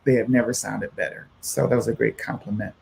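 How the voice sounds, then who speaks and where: Fairly low, brisk and gravelly, this American man's voice comes with a little hiss or hum. As a musician guest on a radio show, he tells a long, animated story full of "you know" fillers and acted-out quoted voices.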